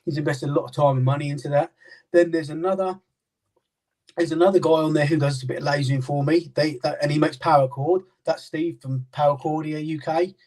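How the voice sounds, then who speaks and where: A man's voice: fairly high pitch, fairly even intonation, brisk, a little mellow, far from the mic, low-quality recording. A British man in casual chat, rambling with many fillers and restarts as he explains his knife-sharpening work. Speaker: knife sharpener and maker, guest. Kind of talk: casual chat on a live stream.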